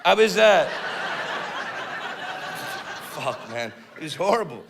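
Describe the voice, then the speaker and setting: A man performing a stand-up comedy routine, telling a story in a profane, animated way and throwing asides to the crowd. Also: a little high, slow, gravelly, background noise. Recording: live in a large hall with audience laughter.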